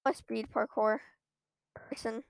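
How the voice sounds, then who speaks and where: A woman's voice: fairly high pitch, steady tone, slow, creaky, clear, resonant tone, no room sound. A woman giving live commentary on her own gameplay at a computer, ranting in frequent exasperated outbursts. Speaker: gamer streaming her own play.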